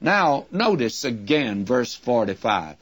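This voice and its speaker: A man's voice: mid-range voice, big pitch swings, takes it slowly, a bit bright. A man preaching an earnest, emphatic sermon, addressing his listeners as friends.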